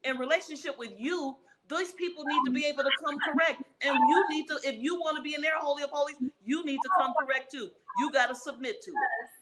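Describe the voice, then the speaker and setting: A woman's voice: high voice, steady tone, a little fast, a bit bright, a little hiss or hum, low-quality recording. A woman relationship expert answering interview questions in an emphatic, preacher-like way, repeating her key phrases.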